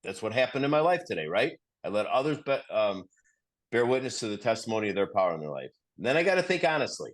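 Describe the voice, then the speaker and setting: A man's voice: fairly low pitch, very animated, quick pace. A middle-aged man sharing earnestly in a recovery study group, often repeating himself and restarting sentences as he tells a story.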